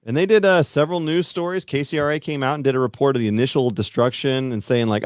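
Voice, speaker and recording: A man's voice: mid-range voice, fairly even intonation, quick pace, few pauses, clean tone, no echo, clean studio sound. A man, a podcast guest, chatting casually in a rambling, self-deprecating way that hedges a lot. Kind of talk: casual chat.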